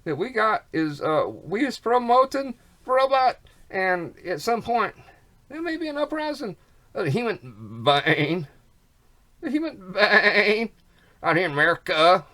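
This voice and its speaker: Rambling vlogger, lively swooping pitch, folksy slang, rhyming wordplay, repeats words, snotty. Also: measured pace. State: coughing, snotty. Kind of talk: rambling monologue.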